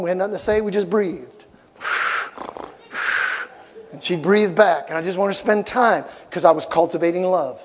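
Middle-aged male pastor, husky high voice, impassioned sermon, long hall echo. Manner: animated preaching, shouting peaks, repeated phrases. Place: large church sanctuary.

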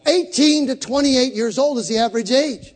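A man's voice: very high voice, moderate pace. A man preaching a sermon as pastor, fervent and leading the congregation in call and response. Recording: long hall reverb.

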